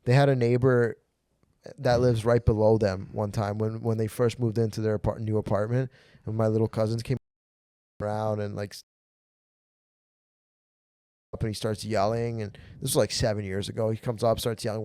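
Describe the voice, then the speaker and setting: A man's voice: on the low side, level tone, fast, dark tone, no echo, studio quality. A young man from Canada hosting a podcast, telling rambling, profane stories in casual chat. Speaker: podcast host and stand-up comedian.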